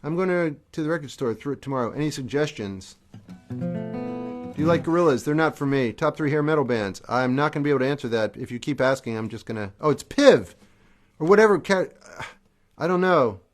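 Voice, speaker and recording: A man's voice: fairly high pitch, expressive, brisk. Offhand middle-aged man over guitar. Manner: offhand, reads viewer questions aloud and answers briefly. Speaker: musician hosting a livestream. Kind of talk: casual livestream chat between songs. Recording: acoustic guitar playing behind the voice.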